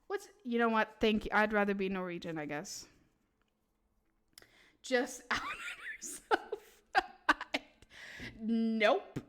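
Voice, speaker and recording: A young woman, streaming tarot readings and chatting with her viewers, laughing often and answering chat in an animated way. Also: on the high side, slow. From Sweden. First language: Swedish. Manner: giggly, animated, talks back to chat. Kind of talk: casual live-stream chat.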